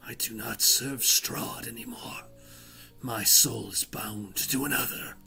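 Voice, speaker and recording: A man's voice: medium pitch, slow pace, creaky, sharp tone, soft background music, heavily acted. A man voicing a sorrowful undead male guardian spirit in a scratchy whisper, in whispered role-play. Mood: mournful.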